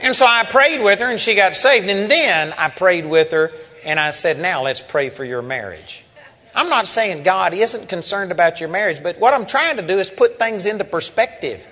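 A man's voice: high voice, expressive, moderate pace, sharp tone. A man teaching a live sermon at a seminar, plain-spoken and emphatic as he tells stories. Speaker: Bible teacher. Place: seminar hall. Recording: reverberant live hall recording.

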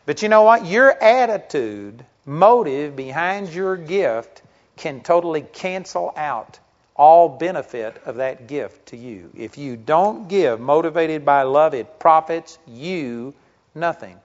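This middle-aged preacher addresses his congregation in church, keeping things conversational with rhetorical questions and stories. He speaks slowly but animatedly, in a fairly high pitch, captured on a dull lo-fi sermon recording.

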